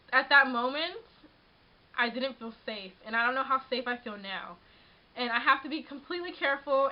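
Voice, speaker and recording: Rambling young woman, lo-fi webcam sound. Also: fairly high pitch. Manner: rambling, frequent restarts and "like", shaken but laughing. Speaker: vlogger. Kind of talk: casual vlog storytelling. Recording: dull lo-fi webcam audio.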